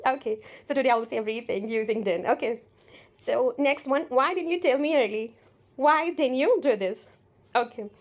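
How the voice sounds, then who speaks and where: A young woman teaches an English lesson in an Indian English accent. Her voice sits a little high, and she drills each phrase by saying it twice, slowly and deliberately. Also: highs cut off. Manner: slow, repetitive drilling of example sentences.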